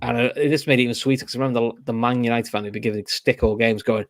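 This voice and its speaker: A young man with a Liverpool accent hosts a casual football podcast, telling stories with animation and acting out the reactions. His medium-pitched voice races along, and the recording is dry with clean studio sound.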